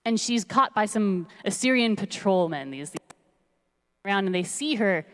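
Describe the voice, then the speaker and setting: A woman retells a biblical story in a loose, conversational way, full of fillers and asides. Her voice sits at a middle pitch and carries a long reverb from a large synagogue sanctuary. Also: moderate pace. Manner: chatty, animated, lots of fillers.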